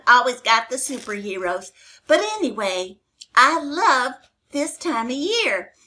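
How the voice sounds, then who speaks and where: Older woman, children's bible storyteller, folksy, rambling, high voice, bright tone. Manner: chatty, rambling, homespun, warm toward kids. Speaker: storytelling host.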